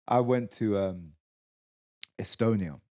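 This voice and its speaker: A man's voice: lowish voice, slow pace. Swearing man telling a laughing anecdote. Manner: animated storyteller, swearing, laughing as he talks. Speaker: co-host. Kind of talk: casual comedic chat.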